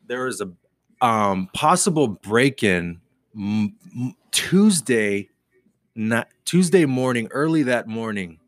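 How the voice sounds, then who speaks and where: A man's voice: medium pitch, expressive, takes it slowly, no echo, clean studio sound. A man who cuts hair, co-hosting a casual podcast in a barbershop, talking in a sarcastic, profane, playful way.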